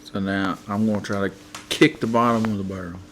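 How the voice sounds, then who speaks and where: A man's voice: lowish voice, fairly even intonation, a little fast. A man playing in a tabletop game, talking casually and hesitantly. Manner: casual, hesitant, in character as a kid. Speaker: player.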